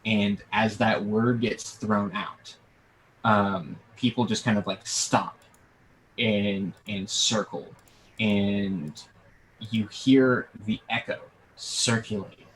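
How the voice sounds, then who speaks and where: A man narrating a tabletop game as game master, halting with many fillers. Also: on the low side, steady tone, fairly bright tone, a little hiss or hum, poor audio.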